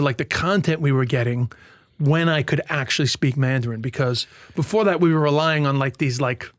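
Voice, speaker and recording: A male stand-up comedian from Ireland, telling stories fast in casual podcast chat and swearing freely. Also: on the high side, no echo. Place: tent.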